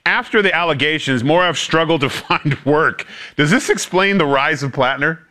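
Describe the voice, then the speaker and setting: A man's voice: fairly high pitch, pushed and bright. A man hosting a panel talk show, teasing his guests and moving through the stories. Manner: teasing, quick to laugh. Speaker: host.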